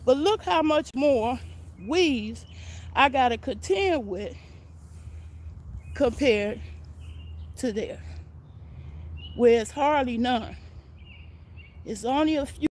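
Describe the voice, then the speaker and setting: Winded older woman touring her garden. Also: high-pitched. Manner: chatty, folksy, greets live viewers. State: out of breath. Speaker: gardening vlogger. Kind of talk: casual walking garden tour. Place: outdoors in backyard garden.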